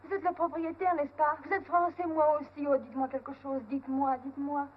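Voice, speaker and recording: A woman's voice: sits high, level tone, fast talker, a little hiss or hum, close to an everyday voice. An actress playing a stranded, homesick young French woman who speaks broken English with a French accent, in 1930s film acting. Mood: pleading. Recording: tinny 1930s film soundtrack.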